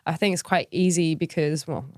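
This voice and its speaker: Australian woman, young adult, slightly low voice, easygoing podcast guest, dry close sound. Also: moderate pace, darkish tone, no room sound. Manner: chatty, many "like" fillers, laughs often. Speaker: guest musician. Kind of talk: casual podcast chat.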